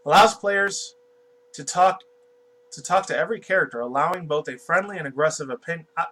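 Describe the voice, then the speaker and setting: A man's voice: on the high side, fairly quick, bright, forceful tone, a little hiss or hum, poor audio. A man from New York giving a casual, rambling commentary as he reads a news article aloud, swearing often and stumbling over words. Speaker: YouTube commentator.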